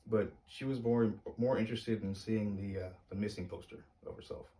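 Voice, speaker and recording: Low-pitched man, halting and uneasy, telling his own story to camera from a little way off the mic. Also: fairly even intonation, dark tone, distant mic. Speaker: vlogger telling a personal story.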